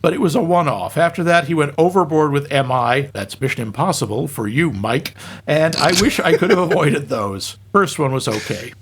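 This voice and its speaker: A man's voice: fairly high pitch, lively intonation, normal speed, fairly bright tone, slight background noise. A man co-hosting a film podcast, chatting casually and joking wryly while reading listener comments aloud. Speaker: podcast co-host.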